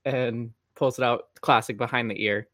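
A man's voice: medium pitch, fairly even intonation, normal speed, a bit bright, no room sound, clean studio sound. Playful man playing a tabletop game. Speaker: player.

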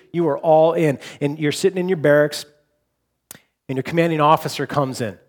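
A man in his forties preaching a sermon as a pastor. He speaks conversationally, repeats and restarts words, and swings between loud emphasis and hushed softness. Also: mid-range voice.

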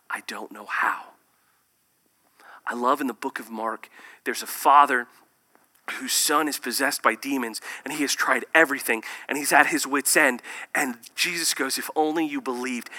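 A man preaching a sermon, swinging between loud emphatic bursts and hushed, near-whispered lines. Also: on the high side. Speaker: pastor.

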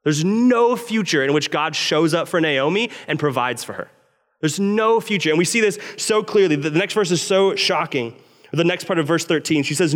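A man, a pastor, preaching a sermon in an expressive way, his voice rising when he quotes scripture and falling low when he stresses a point. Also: fairly quick. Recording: long reverb of a large hall.

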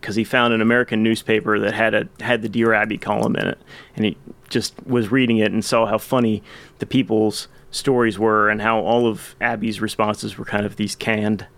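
A man's voice: lowish voice, little pitch movement, normal speed, hardly any pauses, fairly bright tone. A man hosting a podcast, chatting enthusiastically about songs with some rambling restarts. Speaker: podcast host. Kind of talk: casual chat about music.

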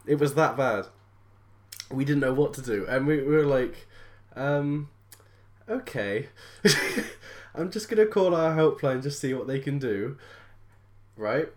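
A British woman chatting casually about a rough day at work. She tells the story in an exasperated way and laughs often. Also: extremely low pitch, animated, takes it slowly, pauses often. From Britain. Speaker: shop worker telling a story. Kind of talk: casual chat.

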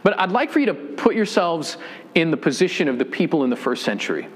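Male pastor, sermon, casual storytelling, slightly higher-pitched voice. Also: fast. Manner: conversational storytelling, animated when excited.

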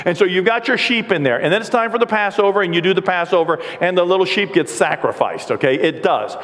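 Animated pastor preaching in a reverberant hall. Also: male voice, sits high, fast talker. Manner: animated, acts out voices and jokes. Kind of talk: sermon.

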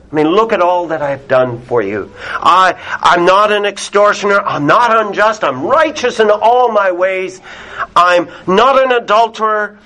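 A man's voice: high-pitched, sharp tone, heavily acted, poor audio. A man voicing a smug, self-praising Pharisee who boasts to God in a mocking tone.

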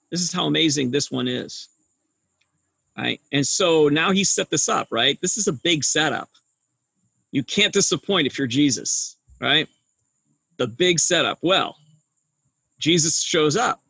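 A middle-aged male pastor preaches in a husky, somewhat high voice with a pressing, forceful edge. He tells the story with humor and keeps asking his listeners rhetorical questions. The sound is close and dry. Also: no room sound. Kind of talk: sermon.

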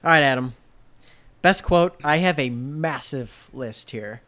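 A podcast co-host in casual chat, enthusiastic, talking in quick restarts. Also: mid-range voice, a bit bright. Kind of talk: casual chat about a film.

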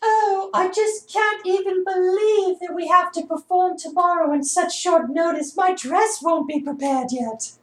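A man's voice: very high-pitched, measured pace, few pauses, pitched above the performer's own voice. A man putting on the voice of a prim, refined older British woman in a comedy sketch. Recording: roomy echo.

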